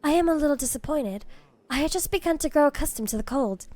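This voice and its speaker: A woman's voice: high-pitched, animated, quick pace, darkish tone, no room sound, pitched above the performer's own voice. A woman reading a composed, formal female companion's lines.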